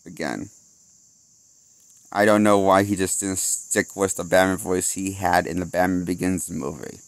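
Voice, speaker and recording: A man's voice: low voice, steady tone, unhurried, clean tone, no room sound. A man giving a casual spoken film review, rambling and losing his train of thought while laughing at his own jokes. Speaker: movie critic.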